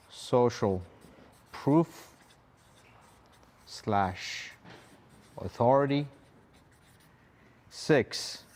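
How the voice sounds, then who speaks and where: Slow, methodical male instructor. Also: medium pitch, a little mellow. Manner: slow, methodical, numbered steps. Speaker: co-host, instructor. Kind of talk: live-stream teaching.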